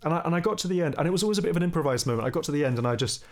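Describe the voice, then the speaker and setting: A young man, a musician guest, telling a story in relaxed conversation and singing short bits of melody as he goes. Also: fairly high pitch, very fast. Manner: animated, sings snippets of melody while telling the story.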